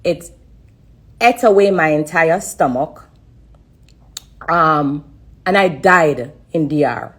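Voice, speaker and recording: A woman giving an emotional personal testimony on a live stream, halting and repeating herself with many pauses and fillers. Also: sits low.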